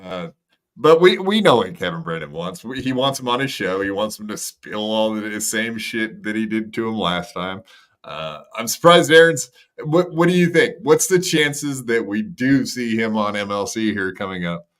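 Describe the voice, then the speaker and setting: A man's voice: lowish voice, animated, moderate pace, a bit bright. A man hosting a podcast, teasing his co-hosts in casual, profane banter. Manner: teasing, swears freely. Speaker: podcast host.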